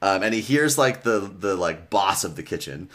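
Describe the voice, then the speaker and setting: A man's voice: deep voice, lively intonation, normal speed, a bit bright. A man casually recapping a children's book on a podcast, swearing freely and reading passages aloud. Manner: loose and profane, reads excerpts aloud. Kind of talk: casual chat.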